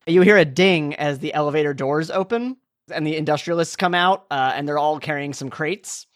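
A man's voice: fairly high pitch, normal speed, dry recording, clean studio sound. A man narrating a tabletop game as game master, describing the scene loosely with plenty of "like" and "kinda".

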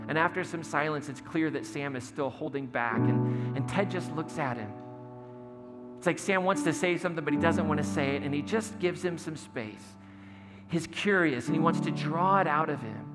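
A man's voice: a little high, normal speed, long reverb tail, loud music behind the voice. A man giving a conversational sermon as a pastor, telling a story and acting out quotes with humor.

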